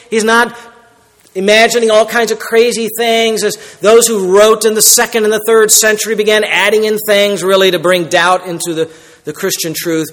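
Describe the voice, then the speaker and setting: A man preaching an emphatic sermon as a pastor, swinging between loud declarations and quiet asides. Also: sits high. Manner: emphatic preaching, rising and dropping in loudness. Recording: long reverb in a large hall.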